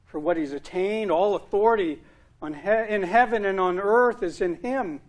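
A man's voice: high voice, moderate pace. A male pastor preaching a sermon, earnest, with emphatic repetition and rising stress on key words.

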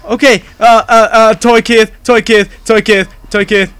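A man's voice: high voice, little pitch movement, unhurried, a bit bright, smooth, no room sound. A man speaking English as a second language, nervously commentating his live gameplay, pleading and repeating himself. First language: not English. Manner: panicky, pleading and repetitive; swears when startled. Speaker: game streamer.

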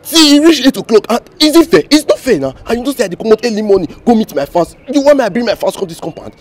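A man plays a cocky young Nigerian street star in a comedy skit. He protests indignantly in a rapid, husky voice that rises and falls widely. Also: sits high, very animated, heavily acted.

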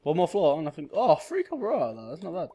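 A man's voice: fairly high pitch, huge pitch swings, fast talker, dark tone, slightly rough. A man hosting a gaming channel, giving casual let's-play commentary and thinking aloud with small exclamations.

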